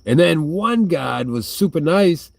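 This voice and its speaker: A vlogger answers viewer questions in a casual chat, his voice on the high side with lively intonation, a little slow, a bit mellow, and touched with vocal fry. He swears freely, trails off and restarts, and lets out a smoker's cough between sentences. The recording is dry.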